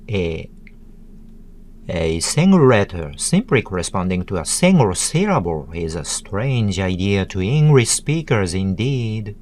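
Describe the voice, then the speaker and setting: A man giving a scripted tutorial narration, deliberately sounding out words one syllable at a time. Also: fairly low pitch.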